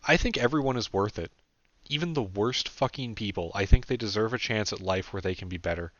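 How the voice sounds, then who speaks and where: A man's voice: lowish voice, fairly quick, a bit bright, no room sound, natural voice. A man voicing a candid young man who rambles casually and swears freely, in an audiobook. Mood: earnest. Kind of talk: audiobook character voice. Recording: dull dry lo-fi recording.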